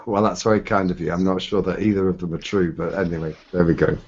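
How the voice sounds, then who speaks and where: A man's voice: low voice, fairly even intonation, fast, a little mellow, slightly rough, highs cut off. A British man in a casual online debate, polite and hesitant, stumbling over his starts. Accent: British English. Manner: polite, hesitant, stammering restarts.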